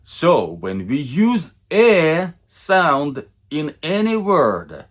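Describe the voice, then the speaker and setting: A Russian-accented man teaching English pronunciation at an unhurried pace. His pitch rises and falls a lot as he models words and repeats them for the learner. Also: huge pitch swings. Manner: slow, deliberate, repeats words to model sounds. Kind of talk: video lesson.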